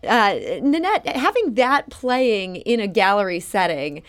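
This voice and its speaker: A woman hosting an interview, giving measured introductions and asking questions. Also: mid-range voice, very animated, clear, resonant tone. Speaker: radio host. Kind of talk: interviewing guests.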